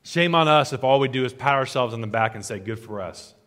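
A man, a pastor, preaching a sermon and leading a closing prayer, earnest and rhythmic, with his phrases falling softer at the ends. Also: mid-range voice, lively intonation, brisk. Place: church sanctuary. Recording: long hall reverb.

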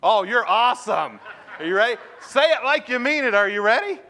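Male pastor, bright ringing tone, conversational sermon full of call-and-response. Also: very high voice, expressive, fairly quick, a little hiss or hum. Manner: engaging the congregation with questions. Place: church sanctuary.

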